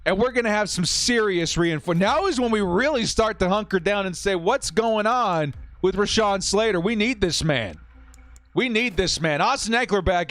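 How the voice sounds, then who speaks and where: Man, 30s, high voice, live stream host, excited game commentary, reads donations, shouting, faint music behind. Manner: exuberant, shouting, reading donations aloud. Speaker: live stream host of a fan watch party.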